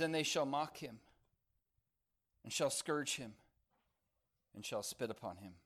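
A man preaching a sermon, climbing loud on key phrases and dropping soft for emphasis, slowing down to stress words. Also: medium pitch. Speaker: pastor.

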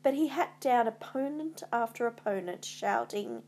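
A woman narrates a classic tale slowly and deliberately, taking her time over each sentence. Her voice sits a little high for a woman. She reads in a calm, measured storybook manner. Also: husky. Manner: measured, unhurried storybook reading.

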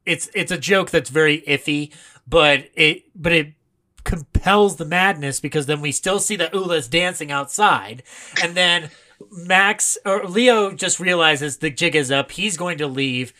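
A podcast co-host in a casual film analysis chat, animated and laughing often. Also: mid-range voice, unhurried.

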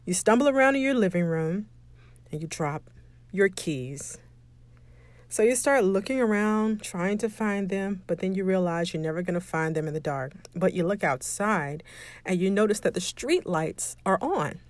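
A woman speaks as a motivational podcast host. She tells stories, acts out the dialogue in them, and laughs easily. Her voice sits at an ordinary pitch and is recorded dry and close. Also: animated, normal speed, dry recording. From Atlanta, Georgia.

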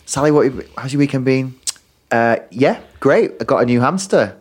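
A man's voice: mid-range voice, expressive, moderate pace, a little mellow, slightly rough. A man, co-hosting a casual podcast, telling a dry story and acting out a child's replies. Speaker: podcast co-host, primary school teacher. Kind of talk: casual chat.

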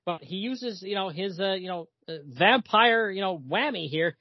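A man's voice: high-pitched, moderate pace, no echo. A man co-hosting a casual comic book podcast, eagerly retelling a story and laughing often, in slightly muffled audio. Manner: animated retelling, reads dialogue aloud, laughs often. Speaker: podcast co-host.

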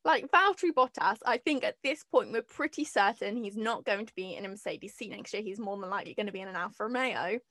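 A woman hosting a casual podcast chat, animated and jokey, swinging between loud asides and hushed remarks. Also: medium pitch, quick pace, hardly any pauses, dry recording, studio quality.

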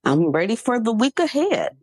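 A woman's voice: on the high side, big pitch swings, normal speed, a little mellow, breathy edge, no echo. A middle-aged woman co-hosting a podcast, telling a personal story in casual chat with fillers and laughs. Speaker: podcast co-host.

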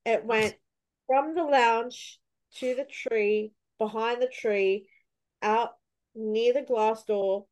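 Animated storytelling woman, fairly high voice. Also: slow. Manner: animated, acts out her own past reactions with sudden high cries. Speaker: podcast host. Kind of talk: casual storytelling chat.

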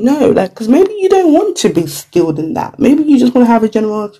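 With a dark, husky, medium-pitched voice, a career-advice vlogger talks to camera a little fast and very animatedly. The chatty delivery leans on "like" and "you know," and little quotes get acted out now and then.

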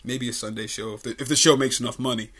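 A man's voice: mid-range voice, fairly even intonation, fast talker, a bit bright, slightly rough. A young man from Richmond, Virginia, hosting a podcast and telling stories in a laid-back, swearing way, full of likes and uhs. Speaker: podcast host, comedian. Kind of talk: casual storytelling chat. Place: studio.

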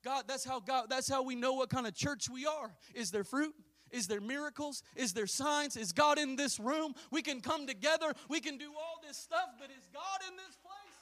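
A man preaching a fiery Pentecostal sermon as pastor, swinging from hushed asides to drawn-out shouts. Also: extremely high pitch.

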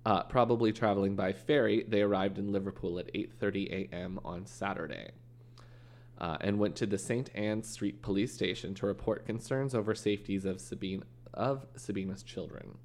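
A man's voice: on the low side, fairly even intonation, normal speed, darkish tone. A man hosting a casual true-crime podcast, telling a case with jokes and acted-out quotes. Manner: joking storyteller, acts out quoted people. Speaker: podcast host.

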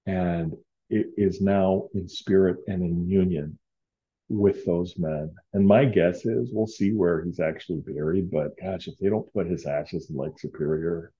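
A man's voice: low voice, measured pace, warm tone, muffled recording. A man hosting a casual solo podcast, rambling and heartfelt with many fillers. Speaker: podcast host.

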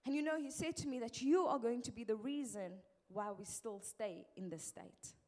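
A middle-aged woman preaches with a lively, emphatic delivery. Her voice sits high, and she shifts it to act out the people she quotes. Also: moderate pace. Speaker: pastor's wife preaching. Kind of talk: sermon.

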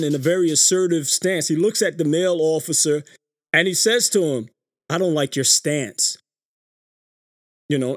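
A man hosting his own podcast, talking through a story in a casual live-stream monologue, animated, often restarting his sentences. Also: on the high side, dry recording, studio quality. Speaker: podcast host.

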